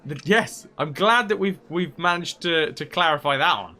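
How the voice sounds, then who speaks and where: A man chats his way through a role-playing game on a livestream, reading quest logs and cracking jokes as he goes. His voice is bright and bouncy, with a pitch that rises and falls a lot. He sounds close to a desk mic at home. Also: lively intonation, normal speed. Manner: joking, chatty, laughs often. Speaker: streamer. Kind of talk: casual let's-play commentary, reading quest text aloud.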